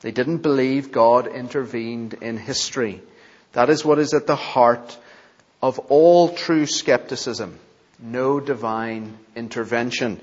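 A male preacher delivers a sermon at a slow, deliberate pace, stressing and repeating key phrases. He often turns to the congregation with questions. His voice rings with the long reverb of a large church, on a dull recording. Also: medium pitch, husky. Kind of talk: expository sermon.

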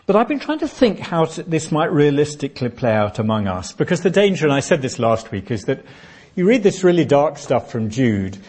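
A man preaches a sermon in a relaxed, conversational way. His voice is warm and dark, with a slightly husky edge. He sometimes acts out short everyday dialogues to make his point. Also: mid-range voice. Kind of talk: expository sermon.

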